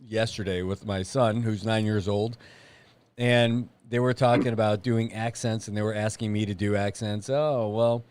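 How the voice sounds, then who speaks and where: A man's voice: on the low side, little pitch movement, normal speed, a little mellow, clear, resonant tone. Playful middle-aged man telling family anecdotes. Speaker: podcast co-host. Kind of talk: casual chat.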